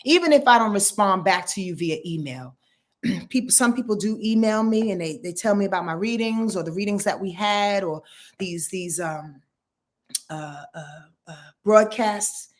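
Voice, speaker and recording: A woman astrologer hosting a casual live stream, talking in an animated, emphatic way, often repeating words as she searches for them, and swearing in passing. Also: mid-range voice, normal speed. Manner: frank and salty, swears in passing.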